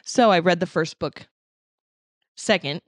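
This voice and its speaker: A woman co-hosting a podcast in casual chat, telling stories in an animated way and laughing often. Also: on the low side, a little slow, no echo, studio quality. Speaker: podcast co-host.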